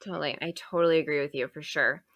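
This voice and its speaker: A woman hosting an interview, talking in a lively, animated way with lots of fillers and restarts. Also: deep voice, fast talker, no echo. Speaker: podcast host. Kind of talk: casual interview chat.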